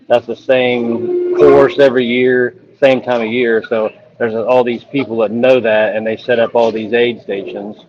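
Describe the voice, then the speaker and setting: A man's voice: medium pitch, dull audio. A man, a police officer and distance runner, telling an earnest, emotional story over a phone interview.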